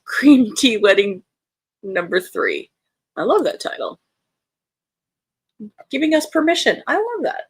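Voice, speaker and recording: Hosting a livestreamed reading sprint, an American woman chats warmly and reads the chat aloud with bright lifts in her voice. She speaks high, husky, and with lively intonation, a little slowly with long pauses, on a dry recording.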